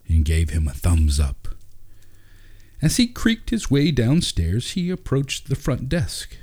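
Male storyteller, low voice, dark, husky tone, calm read-aloud. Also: slow. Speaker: narrator. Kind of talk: storybook reading.

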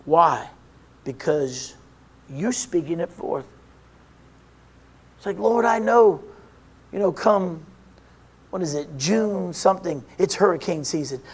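A man preaching a sermon, asking and answering his own questions, shouting at times and then dropping low. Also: expressive, slow, pauses often, husky.

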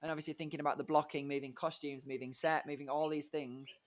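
A man's voice: fairly high pitch, flat delivery, fast talker. Chatty young man, giggly. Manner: chatty, giggly, rambling with many fillers. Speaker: musical theatre performer, guest. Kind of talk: casual interview chat.

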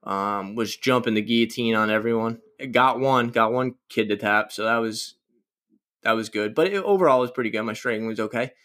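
A man's voice: medium pitch, brisk, fairly bright tone. A young man hosting a casual solo podcast, rambling through stories with crude, self-mocking jokes. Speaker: podcast host.

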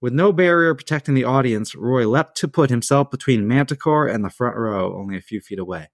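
A man's voice: medium pitch, fairly quick, dry recording. Dry, close-miked man telling a story. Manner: laid-back, reading with asides and chuckles. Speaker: podcast host. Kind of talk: casual storytelling from a script.

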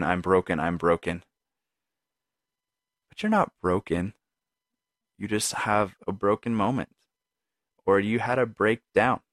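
Deep yet a bit bright, this man's voice carries a reflective solo podcast, recorded dry with clean studio sound. He talks earnestly and conversationally to the listener, leaning often on "right?" and "like."

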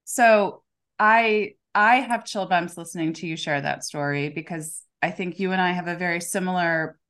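A woman's voice: fairly low pitch, a bit bright. A woman coach co-hosting a casual conversation, talking emphatically and often checking in with "right?". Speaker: coach and podcast co-host.

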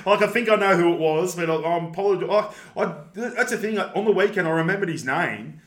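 A man's voice: high voice, a little fast. A young Australian man chatting casually, rambling and slangy, laughing often. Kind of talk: casual banter. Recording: echoey room.

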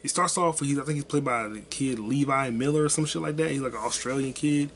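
A man's voice: medium pitch, brisk, a bit bright, a little hiss or hum. A man hosting his own podcast alone, rambling casually with lots of swearing and offhand self-deprecating jokes. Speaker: podcast host. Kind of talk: casual solo podcast rant.

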